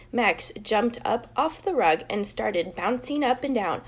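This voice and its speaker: Expressive woman reading a storybook aloud. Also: fairly high pitch, unhurried, husky. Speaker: teacher. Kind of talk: reading a children's chapter book aloud.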